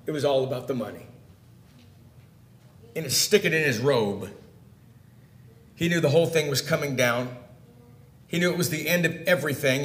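High-voiced preacher man in an echoey room. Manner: direct questions to listeners, swings between loud emphasis and hushed tones. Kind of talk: sermon.

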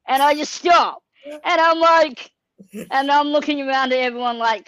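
A woman's voice: on the high side, expressive, moderate pace, fairly bright tone, dry recording. A young adult woman, an actor in an interview casually telling a story, earnest and full of "um", "like" and "you know". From Australia. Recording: slightly dull lo-fi sound.

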